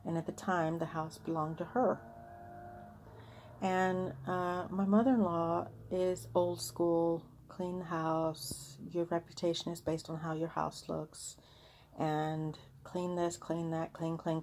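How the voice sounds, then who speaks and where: Earnest lower-voiced woman telling a story. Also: a little mellow, slight background noise. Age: adult with children. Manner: chatty, earnest, re-enacts heated arguments. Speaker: vlogger sharing a personal vision. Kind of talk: casual personal storytelling.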